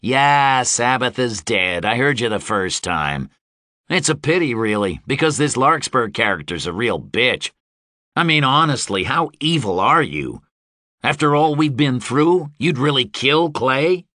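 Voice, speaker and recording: A male audiobook narrator voicing a foul-mouthed, aging mercenary who rants loudly and sarcastically. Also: medium pitch, very animated, measured pace, no room sound, clean studio sound, pitched above the performer's own voice. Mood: furious. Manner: loud, shouting and sarcastic.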